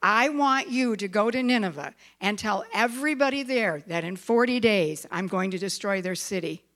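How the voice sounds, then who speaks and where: A woman's voice: normal speed, fairly bright tone, lightly acted. A woman voicing God as a stern, commanding male voice in a children's story. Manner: booming, authoritative.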